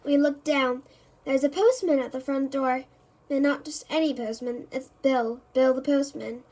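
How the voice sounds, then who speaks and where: A woman with a high voice reads a children's chapter book aloud. Her storytelling is lively and clear. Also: normal speed. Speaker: reader.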